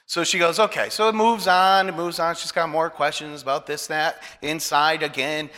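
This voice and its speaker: A man's voice: on the high side, steady tone, normal speed, hardly any pauses, sharp tone. A male pastor preaching a sermon, telling a personal story and asking the congregation questions. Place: church hall. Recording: long hall reverb.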